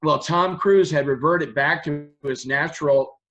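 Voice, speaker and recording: A man's voice: a little high, a little slow, fairly bright tone, dull audio, faint music behind. A man as an interview guest, telling rambling stories in a chatty way with a runny nose. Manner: rambling, chatty, laughs mid-story. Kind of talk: casual storytelling interview.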